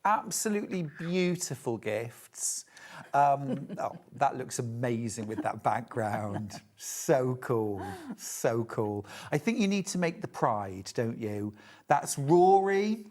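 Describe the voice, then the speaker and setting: A man's voice: mid-range voice, animated, slow, darkish tone. A man in his fifties presenting a live TV shopping show, chatty and teasing as he sells. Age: 50s. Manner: jokey, teasing, upbeat selling.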